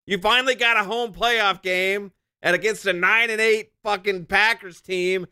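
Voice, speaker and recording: Fired-up cursing man, bright tense voice. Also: high voice, fairly even intonation, moderate pace, hardly any pauses, smooth. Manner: profane, ranting. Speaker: podcast co-host. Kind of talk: casual chat.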